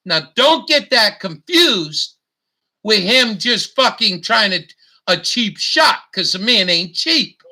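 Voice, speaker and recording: A man with a high, gravelly voice and a piercing, sharp edge rants angrily to his online audience, heavy on profanity. He stumbles and restarts his sentences as he goes. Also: sing-song. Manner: angry, profane, halting with restarts. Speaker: YouTube host. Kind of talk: profane ranting monologue.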